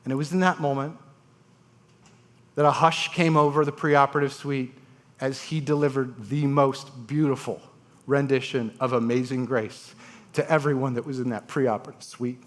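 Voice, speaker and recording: A man, a transplant surgeon, telling stories on a conference stage with dramatic pauses and voiced quotes. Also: mid-range voice, fairly even intonation. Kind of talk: storytelling talk on stage. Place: conference stage before an audience.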